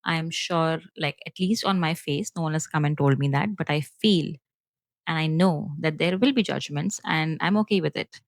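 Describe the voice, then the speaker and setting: A woman with an Indian accent, hosting her podcast solo and talking fast and earnestly to her viewers, with frequent fillers. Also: deep voice, no echo. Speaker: podcast host.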